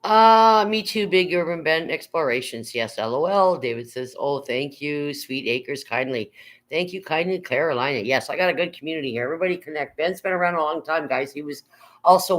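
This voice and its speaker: An older woman hosts a relaxed livestream from her home. She rambles from one thing to the next, reads viewers' comments aloud and swears casually. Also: sits low, a little fast, low-quality recording. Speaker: livestream host.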